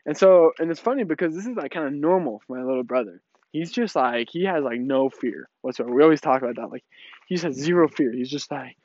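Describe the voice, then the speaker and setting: A man's voice: fairly high pitch, fairly quick. A man in his early twenties talking casually in a vlog, rambling with lots of fillers and restarts. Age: 20s. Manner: rambling, many fillers and restarts, laughs often. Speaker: vlogger. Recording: dull lo-fi dry sound.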